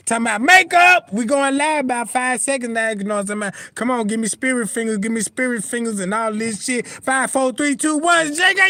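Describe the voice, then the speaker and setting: A high-voiced man rants on his livestream with wildly swinging pitch. He rambles, curses freely and keeps asking if you know what he's talking about. The sound is dry and close. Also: no room sound. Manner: heated and animated. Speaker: livestream host. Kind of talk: casual livestream rant.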